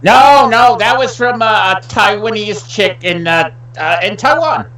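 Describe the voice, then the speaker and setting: A man's voice: high-pitched, lively intonation, unhurried, pushed and bright, roomy sound, recorded from a distance, a little hiss or hum, poor audio. A man co-hosting a casual online show, riffing crude comedic bits with mock outrage.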